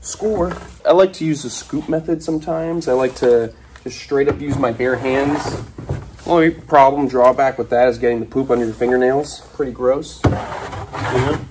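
A man's voice: mid-range voice, normal speed, background noise. A young man hosting a casual vlog about caring for his snakes and lizards, chatty and enthusiastic, recorded on a phone propped up nearby. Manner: chatty, enthusiastic, coos at the animals. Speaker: reptile keeper and show host. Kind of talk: casual animal-care vlog. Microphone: phone propped up on a can.

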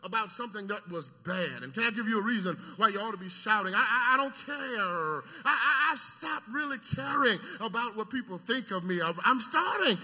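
A man preaching in a church, his voice pitched very high and ringing bright. He swings from quiet explaining to full-throated shouting and repeats words as he builds. The sound carries a long hall reverb. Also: breathy edge. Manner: swings between soft teaching and loud shouted preaching; stammering repetitions, call-and-response with the congregation. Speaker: pastor. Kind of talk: sermon. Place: church sanctuary.

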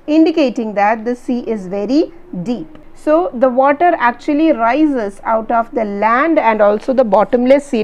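A woman's voice: on the high side, darkish tone, rough recording. Indian-accented woman teaching a poem. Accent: Indian English. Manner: reads poem lines slowly, then explains in plain words. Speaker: English teacher. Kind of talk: line-by-line poem explanation.

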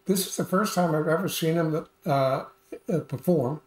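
An older man chats about a film he watched, hesitant and filled with uhs. His voice sits slightly high. The room around him is echoey, with noticeable reverb. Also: a little slow, darkish tone. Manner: chatty, hesitant with many uhs. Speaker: co-host film reviewer. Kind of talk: casual review chat. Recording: roomy echo.

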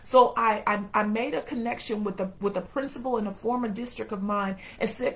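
A woman's voice: a little high, brisk, few pauses, poor audio. A middle-aged woman preaching a sermon in a folksy way, speaking straight to the congregation and acting out quotes. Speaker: preacher and educator.

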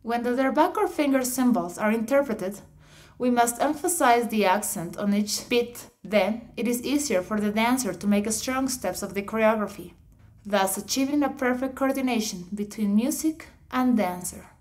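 A woman narrating an instructional audiobook, reading definitions in a measured, explanatory way. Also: a little high, darkish tone. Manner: measured, explanatory reading with slightly awkward phrasing.

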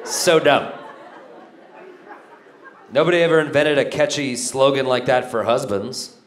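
A man doing a stand-up set in a comedy club, mock-earnest and deadpan. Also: medium pitch, a little slow. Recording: roomy club with laughing crowd.

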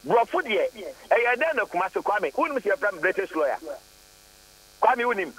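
A man's voice: high voice, very animated, normal speed, fairly bright tone. A man with a Ghanaian accent, phoning in to a radio talk show and speaking in an emphatic, defensive way. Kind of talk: phone-in radio chat. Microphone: phone. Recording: tinny phone line with hum.

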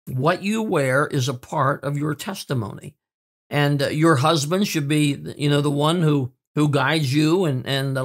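A man preaches a sermon in an earnest, plainspoken way. His voice sits a little high for a man. He trips over fillers and repeats words, then slows right down to lean on each key word. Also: vocal fry, fairly bright tone. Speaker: pastor.

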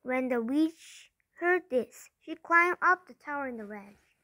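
High, bright woman reading a storybook. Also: lively intonation, a little slow, dry recording, low-quality recording. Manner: careful reading with small slips and restarts. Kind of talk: storybook read-aloud.

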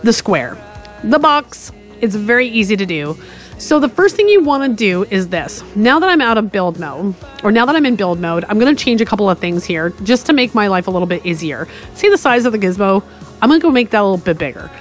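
A woman's voice: medium pitch, very animated, fairly quick, faint music behind. A woman from Canada hosting a casual screen-recorded game tutorial, chatty and explaining step by step with asides. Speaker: tutorial host.

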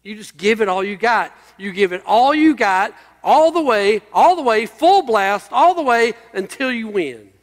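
A man's voice: sits high, animated, measured pace, few pauses, long reverb tail. A male pastor preaching a sermon, emphatic and building through repeated phrases.

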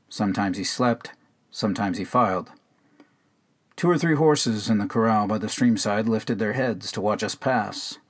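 A man reading a narrative poem aloud in a measured, unhurried way. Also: medium pitch. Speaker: reader. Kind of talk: poetry reading.

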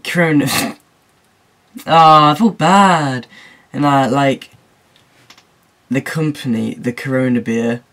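A man's voice: mid-range voice, slow pace, long pauses, a bit bright. A teenage boy talking casually in a vlog, rambling and jokey, often laughing at his own remarks. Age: teens. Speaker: YouTuber.

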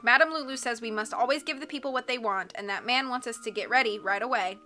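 A woman's voice: a little high, quick pace, pushed and bright, faint music behind. A woman voicing a drowsy, agreeable carnival man in a storybook reading. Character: sleepy hunchbacked carnival man, dutiful.

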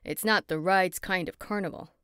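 Woman narrator as a hesitant male stranger, offhand, low voice, dry booth sound. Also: normal speed, fairly bright tone, smooth, dry recording, close to an everyday voice. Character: uneasy stranger man addressing a crowd.

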